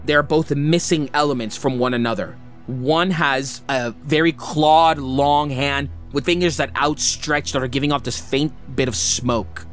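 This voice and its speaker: A man running a tabletop game, describing each scene at a slow and deliberate pace. His speech is mid-pitched and full of loose "sort of"s, with faint music playing behind him. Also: fairly even intonation, a bit bright. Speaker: game master.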